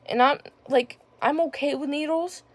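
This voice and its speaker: A woman's voice: high-pitched, steady tone, normal speed, no room sound. A young woman casually telling a personal story on her vlog, rambling with lots of filler words. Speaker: vlogger.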